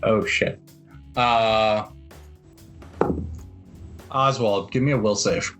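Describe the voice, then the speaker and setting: A man running a tabletop role-play game as game master, calling for rolls in a calm, measured way. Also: fairly low pitch, music in the background.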